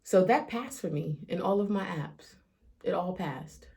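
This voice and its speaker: A woman's voice: on the low side, animated, a little slow, dark tone. A woman speaking emotionally to her vlog audience, near tears as she confides. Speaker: vlogger. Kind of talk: personal vlog confession.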